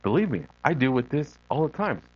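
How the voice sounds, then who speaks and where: A man's voice: mid-range voice, brisk, dry recording, dull audio. A middle-aged man, a lay preacher and missionary, giving an unscripted sermon full of personal stories and acting out the voices he quotes. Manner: earnest storytelling, animated quoted voices.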